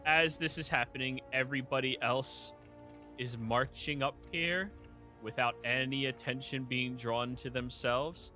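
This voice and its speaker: Bright-voiced male game master. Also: mid-range voice, a little slow, faint music behind. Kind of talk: narrating a tabletop game.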